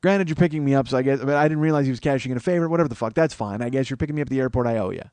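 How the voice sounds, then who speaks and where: A podcast host in his 40s tells a rambling, self-mocking comic story at a very fast clip, his mid-range voice a little mellow and free of room sound. He swears a lot, and his pitch climbs whenever he acts out his panic.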